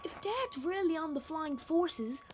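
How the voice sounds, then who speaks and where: A woman voicing a young male reindeer calf from an animated film, earnest and puzzled, with a high childlike voice and plaintive questions. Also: measured pace, faint music behind.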